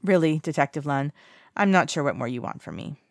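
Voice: medium pitch, lively intonation, a little fast, no echo, clean studio sound, close to an everyday voice. A reader voicing a guarded young man who speaks with cool, detached politeness. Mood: cool, distant. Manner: evasive, coolly detached.

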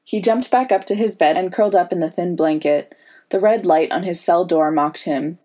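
A woman narrating a story in a steady, even reading voice. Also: lowish voice, moderate pace. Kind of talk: audiobook reading.

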